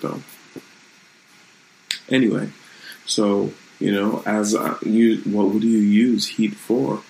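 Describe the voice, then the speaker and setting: A man's voice: on the low side, flat delivery, normal speed, vocal fry, a little mellow, slight background noise, poor audio. A man hosting his own channel, talking in a loose, rambling and reflective way in a casual live-streamed vlog from his room at home.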